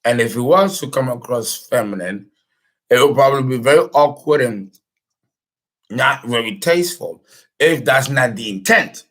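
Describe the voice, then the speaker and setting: A man's voice: mid-range voice, fairly bright tone, poor audio. A man talking as an astrologer, rambling through a casual lecture with many fillers and restarts. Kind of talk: casual lecture and phone call.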